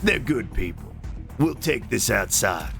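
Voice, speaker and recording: A stubborn retired shipwright, older and gravelly, with a tough, challenging drawl. His voice swings widely and has a bright, tense edge. Soft game music runs behind him. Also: lowish voice, sing-song, unhurried, full character voice. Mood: gruff.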